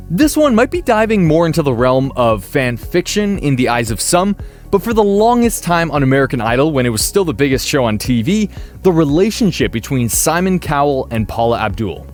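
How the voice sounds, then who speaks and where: Man, higher-pitched countdown narrator, animated and playful delivery, soft music bed. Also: fairly quick. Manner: lively, chatty, playfully emphatic. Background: faint background music.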